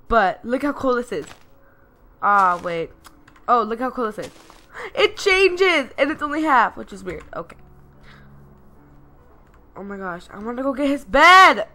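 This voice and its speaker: A woman talks through her video game in a casual, excitable and self-deprecating way. Her voice is bright and edged, and she speaks at an unhurried pace. Keys click on a keyboard behind her. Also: mid-range voice. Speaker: gameplay commentator.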